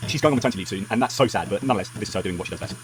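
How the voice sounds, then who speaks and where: A man delivering heated commentary in a fast, furious rush. He stumbles over himself and restarts often as he argues. A light background noise sits under his voice. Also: lowish voice. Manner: angry, emphatic, rapid ranting with many restarts. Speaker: political commentary vlogger.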